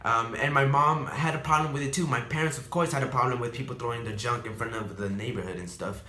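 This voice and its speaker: A man's voice: medium pitch, fast, bright, forceful tone. A young man telling a story to the camera in a rambling, emotional way with many fillers. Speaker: vlogger. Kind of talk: casual storytime. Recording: echoey room.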